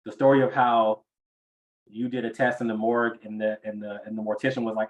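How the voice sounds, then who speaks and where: A man on a group coaching call, prompting the host in a relaxed, casual way with fillers. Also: mid-range voice, fast talker. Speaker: call participant. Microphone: online call audio. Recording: dull lo-fi call audio.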